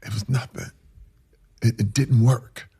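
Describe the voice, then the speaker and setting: A man in his forties telling a painful personal story in rough, casual speech that builds to loud intensity. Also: medium pitch, steady tone, unhurried.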